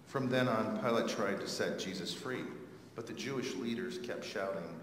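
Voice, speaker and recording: A man with a lowish voice reads scripture clearly and expressively. His reading sounds out in a very echoey church with a long reverb and a faint hum. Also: moderate pace. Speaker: scripture reader.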